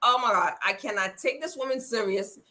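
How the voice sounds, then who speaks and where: Woman reality-show reviewer; blunt, lively delivery, bright tone. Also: fairly high pitch, brisk. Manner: blunt, lively, acts out quotes. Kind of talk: casual chat.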